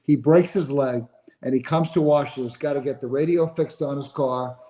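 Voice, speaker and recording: A man in his seventies, a sports agent guest, telling stories with animated energy and frequent laughter. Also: medium pitch, brisk, poor audio. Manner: animated, laughs through anecdotes. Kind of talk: casual storytelling.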